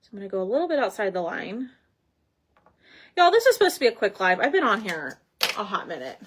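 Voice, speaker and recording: A woman's voice: medium pitch, very animated, quick pace, breathy edge. A woman hosting a casual crafting livestream, chatting and thinking aloud as she works. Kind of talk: casual live crafting chat.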